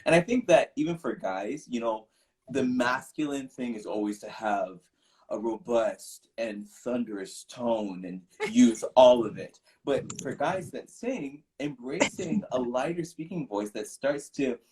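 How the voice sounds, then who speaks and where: A man's voice: mid-range voice, animated, a little slow, darkish tone, far from the mic. A man voice teacher in a casual panel talk, explaining his technique thoughtfully.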